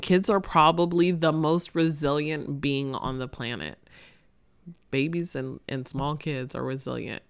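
A woman's voice: low-pitched, smooth. A woman in her thirties hosting a podcast, talking chattily and emotionally about family, laughing often. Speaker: podcast host. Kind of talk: casual podcast monologue.

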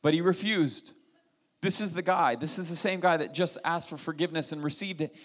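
Animated man preaching a sermon. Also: fairly high pitch, brisk. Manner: animated preaching, retells scripture with lively dialogue and asides. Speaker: pastor.

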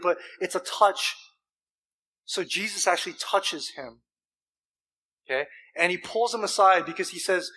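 A man preaching a sermon as pastor, animated and emphatic, with rhetorical questions and deliberate pauses. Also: sits high, breathy edge, rough recording. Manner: deliberate pauses and repeated words.

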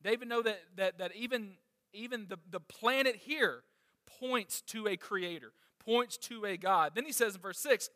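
High bright-voiced man preaching. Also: moderate pace, no room sound, clean studio sound, long reverb tail. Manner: passionate preaching, rising when reading scripture; asks the congregation questions. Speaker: pastor. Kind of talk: sermon.

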